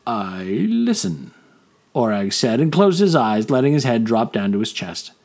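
A man's voice: mid-range voice, expressive, normal speed, a little mellow. A man reading scripted fantasy story narration, voicing all the characters himself.

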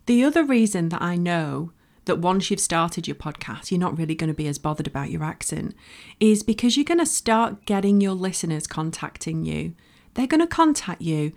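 With a mid-range, slightly mellow voice, a woman from Bolton in northwest England hosts a solo podcast. In her Northern English Lancashire accent she gives frank advice and emphatic encouragement.

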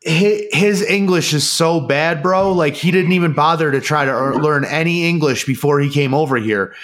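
A man with a slightly high voice chats casually, telling a story in a loose, animated way. He swears a lot and jumps up in pitch when he acts out other people's lines. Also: moderate pace. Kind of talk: casual chat.

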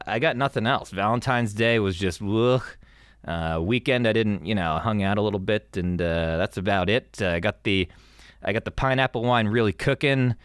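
A man's voice: fairly low pitch, a bit bright, no echo, clean studio sound. A young man hosting an advice podcast in casual chat, rambling and stammering with lots of swearing. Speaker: podcast host.

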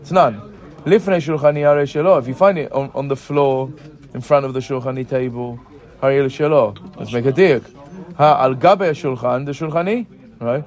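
A man leads a Talmud study class in an even, mid-pitched voice. He explains each point step by step, keeps checking with his students with "right?" and "yeah?", and stumbles and restarts as he reads out the text. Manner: asks the class questions, frequent "right?" checks; halting restarts while reading text. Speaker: Talmud teacher. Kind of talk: Gemara class mixing English and Hebrew terms.

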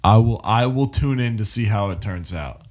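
A man's voice: on the low side, lively intonation, normal speed, darkish tone. A man, co-hosting a podcast in casual, rambling chat full of swearing. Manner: laid-back, rambling, swears a lot. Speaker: podcast co-host.

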